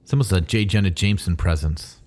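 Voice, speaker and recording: Deep-voiced man chatting about comics. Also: quick pace, darkish tone. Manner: adds fan background and trivia, with frequent fillers. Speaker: podcast co-host. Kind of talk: casual chat about a comic.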